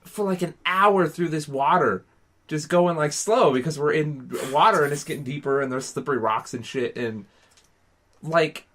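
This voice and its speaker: A man's voice: on the high side, moderate pace. A man co-hosting a podcast, telling a casual story and acting out his friends' lines with animation. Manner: animated, acts out friends' voices. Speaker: podcast co-host.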